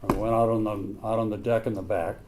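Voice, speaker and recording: A man's voice: fairly low pitch, little pitch movement, brisk, background noise. An older man telling his own recovery story to a group, blunt and plain-spoken, with some mild swearing. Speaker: recovery meeting speaker.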